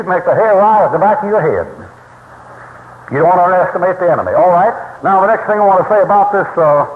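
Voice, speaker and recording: A man with a fairly high voice preaches, telling stories in a folksy, emphatic way. His voice fills a roomy hall, and the long reverb trails after each phrase. The 1960s recording is thin and tinny. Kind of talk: sermon.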